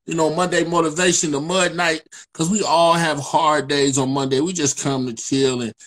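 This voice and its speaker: A man's voice: fairly high pitch, steady tone, moderate pace, fairly bright tone. A man hosting a casual livestream chat over a phone mic, laid-back and slangy, often asking if you know what he's saying. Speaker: livestream host. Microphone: phone mic on a social media livestream.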